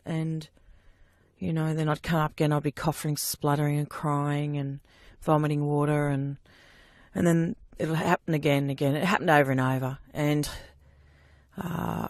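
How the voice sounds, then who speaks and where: A woman recounting personal testimony in a halting way, with frequent fillers and restarts. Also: low voice, dry recording, clean studio sound. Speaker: abuse survivor giving testimony.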